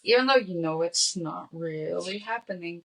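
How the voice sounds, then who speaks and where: A woman's voice: on the low side, moderate pace, creaky, fairly bright tone, low-quality recording. A woman co-hosting a film podcast, chiming in with brief reactions and short comments. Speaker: podcast co-host. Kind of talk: casual film-discussion chat.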